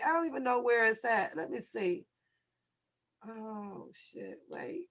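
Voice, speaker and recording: A woman with a high, bright, ringing voice hosts a casual livestream over a video call. She is brash and salty-mouthed and keeps laughing as she talks straight to her chat. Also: expressive, takes it slowly, vocal fry. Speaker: livestream host.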